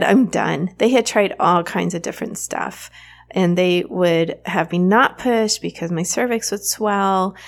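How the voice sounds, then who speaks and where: A woman in her thirties hosting a podcast, telling a personal story in a candid, animated way with frequent fillers. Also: medium pitch. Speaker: podcast host.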